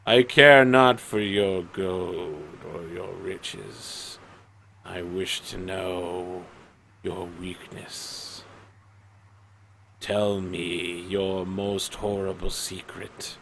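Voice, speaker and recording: A vast, ancient dark cloud speaks in a low, unhurried and taunting voice, put on by a man. The delivery drags, each demand for secrets drawn out and sinking quietly at the ends. A faint hum sits under the recording. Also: fairly even intonation, vocal fry, exaggerated voice. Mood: menacing.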